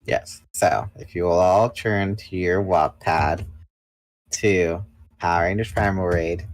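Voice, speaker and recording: Deep-voiced blunt young man. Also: steady tone, slow, dry recording, rough recording. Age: 20s. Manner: blunt, self-assured talker. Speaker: podcast guest. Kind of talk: casual livestream chat.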